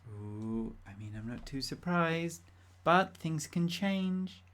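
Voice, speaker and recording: A woman streams a role-play game and talks her viewers through it in an unhurried, chatty way. She giggles and fills gaps with ums, and keyboard typing and clicks come through behind her. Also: sits low, lively intonation.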